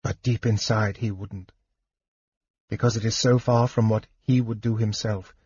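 Resolute young woman fighter, read by a man, slightly raised, husky audiobook tone. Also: fairly low pitch, steady tone, measured pace, a little mellow, no echo, muffled recording. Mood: earnest. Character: earnest young elf woman warrior, determined.

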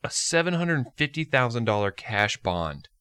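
A man's voice: mid-range voice, sing-song, moderate pace, pushed and bright, clean tone, no room sound, studio quality. A man co-hosting a casual podcast, joking loosely with profanity and laughing often. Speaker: podcast co-host reading news.

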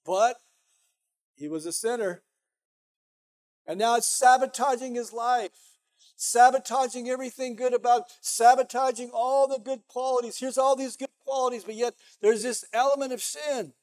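High-voiced man preaching a conversational sermon. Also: fairly even intonation, normal speed, a little mellow. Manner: conversational, emphatic, frequent "you know". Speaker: pastor.

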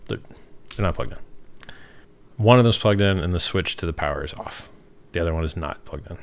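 A man hosting a livestream, reading chat questions and answering them in a rambling, off-the-cuff way and laughing at his own remarks. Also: deep voice.

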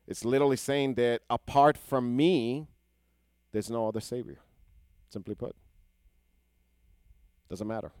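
A man's voice: mid-range voice, clear, resonant tone, no room sound. A man teaching a scripture lesson who explains Hebrew words and keeps asking his listeners questions. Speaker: Torah teacher.

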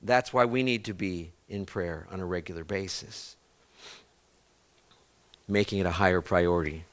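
Speaking low and at a moderate pace, a male pastor delivers a sermon, weaving in stories and posing questions to the congregation. He often restarts words partway through a phrase.

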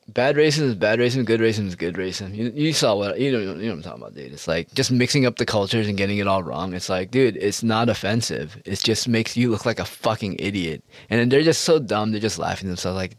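A man's voice: on the low side, lively intonation, a little fast, no echo, clean studio sound. A man hosting a solo podcast, rambling in a profane, sarcastic way. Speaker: podcast host.

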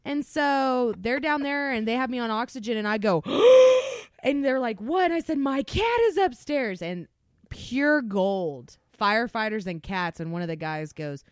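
A young woman on a podcast telling a story in an animated way, swearing constantly. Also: on the high side, normal speed, clear, resonant tone, no room sound, studio quality. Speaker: podcast co-host. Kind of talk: casual storytelling.

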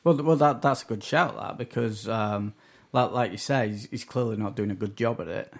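A man's voice: fairly low pitch, fairly quick, vocal fry. A man, a podcast co-host in casual chat, talking tentatively and ending points with tag questions.

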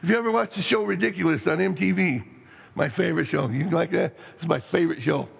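A middle-aged man preaching a sermon as pastor, rambling and excitable, with many restarts and stammers. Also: fairly high pitch, quick pace, vocal fry, breathy edge. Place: church sanctuary. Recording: long reverb in a hall.

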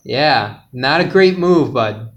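A man hosting a podcast quiz game, joking and laid-back in casual chat, sometimes trailing off quietly. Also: mid-range voice, lively intonation, slow pace, dull audio.

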